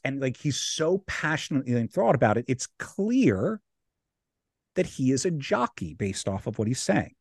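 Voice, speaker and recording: A young man and podcast co-host, telling a story in casual chat, animated and laughing as he acts out the people in it. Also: medium pitch, normal speed, creaky, slightly rough, dry recording, clean studio sound.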